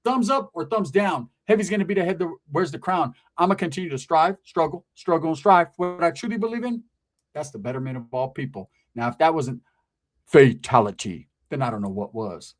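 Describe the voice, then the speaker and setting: Brief: man, higher-pitched, animated comic storyteller, profane and slangy. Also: fairly quick. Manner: profane street slang, animated, acts out voices. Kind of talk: comedic storytelling.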